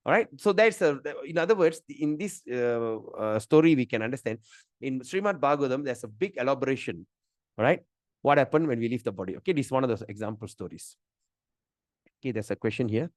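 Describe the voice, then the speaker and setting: A man's voice: medium pitch, lively intonation, a little fast, dry recording, studio quality. A middle-aged man, teaching a scripture class in a chatty, emphatic way. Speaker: Gita teacher.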